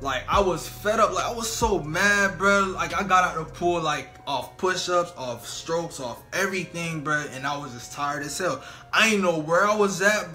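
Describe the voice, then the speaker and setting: A man's voice: sits high, sharp tone. A young man telling a funny storytime vlog in slangy casual talk, full of "bro" and "you know what I'm saying". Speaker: storytelling vlogger.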